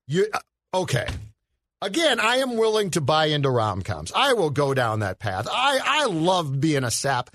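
A man's voice: sits high, a bit bright, dry recording, studio quality. A man co-hosting a movie podcast, sarcastically retelling scenes in casual chat. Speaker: podcast co-host.

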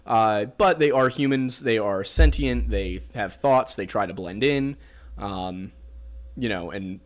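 Rambling Pennsylvania-accented podcast host. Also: male voice, lowish voice, takes it slowly. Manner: rambling, joking, filler-heavy explainer. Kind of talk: casual chat.

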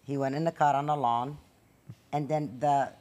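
A woman's voice: very deep voice, fairly even intonation, moderate pace, a little mellow. A middle-aged woman, the host's mother, animatedly retelling a family story and acting out each person she quotes. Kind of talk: casual storytelling chat.

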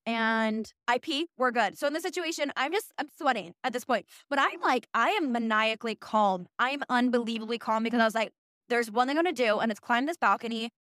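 High-voiced young woman telling stories. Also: a little fast, no room sound, clean studio sound. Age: early 20s. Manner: animated, profane, self-mocking. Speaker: podcast host. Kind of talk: casual storytelling monologue.

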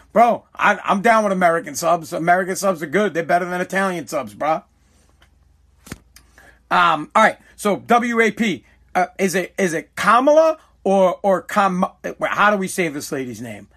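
A podcast host going solo rants casually into a streaming live mic, cursing and fixing his own wording as he goes. His voice is high-pitched with a fairly bright tone.

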